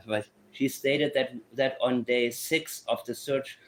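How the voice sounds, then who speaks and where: Brief: male commentator, blunt and opinionated, mid-pitched voice, talks off the cuff. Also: steady tone, slow, few pauses, slight background noise. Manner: blunt, opinionated, thinks aloud. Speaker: true crime commentator. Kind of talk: casual commentary.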